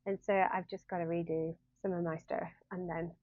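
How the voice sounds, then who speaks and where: A woman's voice: lowish voice, little pitch movement, a little fast, darkish tone, dry recording. Chatty woman on a tinny phone mic. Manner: rambling, chatty, self-deprecating with frequent laughs. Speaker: university lecturer in human-computer interaction. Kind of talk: casual talking-head vlog. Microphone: phone camera. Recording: dry, phone-like narrow sound.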